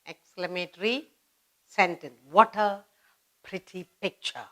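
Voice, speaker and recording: A woman's voice: medium pitch, expressive, measured pace, fairly bright tone. A woman teaching a children's grammar lesson, repeating each example sentence and explaining it step by step. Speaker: English teacher.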